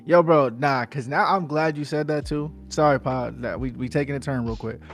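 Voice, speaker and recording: A man's voice: medium pitch, moderate pace, soft background music. A man from New Jersey co-hosting a podcast in casual chat, laid-back and repetitive, full of slang. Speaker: podcast co-host.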